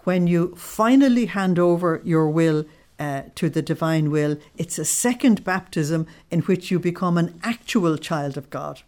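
Woman, low-pitched voice, religious study teacher, explanatory, checks in with listeners. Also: animated, a little slow, darkish tone. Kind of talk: devotional study talk.

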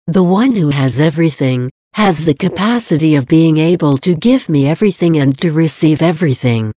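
Low dark-toned Jesus, tender and earnest, as a woman reads him aloud. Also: lively intonation, normal speed, no echo, clean studio sound. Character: Jesus, gentle loving male divine speaker. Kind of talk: devotional reading.

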